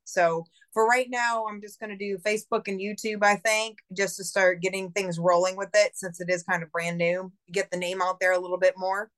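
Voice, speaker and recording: A woman's voice: medium pitch, flat delivery, a little fast, hardly any pauses, fairly bright tone. A woman guest on a podcast, talking casually and rambling, swearing a lot and saying "like" constantly. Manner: profane, rambling, heavy use of "like". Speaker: podcast guest, independent filmmaker.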